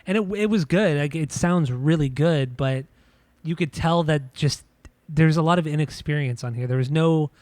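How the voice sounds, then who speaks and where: Halting, fairly high-voiced man reviewing albums. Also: darkish tone, dry recording. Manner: halting, many restarts and fillers. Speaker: podcast co-host. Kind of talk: casual music review chat.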